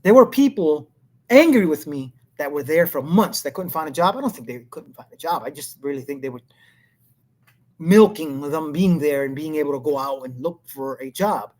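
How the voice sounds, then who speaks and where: A man's voice: fairly high pitch, expressive, normal speed, a little mellow. A man hosting a show with casual political commentary, talking in a rambling, blunt way and often laughing. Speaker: show host.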